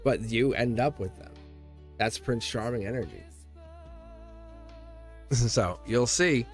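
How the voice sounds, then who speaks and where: A man's voice: medium pitch, takes it slowly, faint music behind. Chatty, reassuring male tarot reader. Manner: chatty, emphatic and reassuring, laughs often between phrases. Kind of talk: casual live-stream tarot reading.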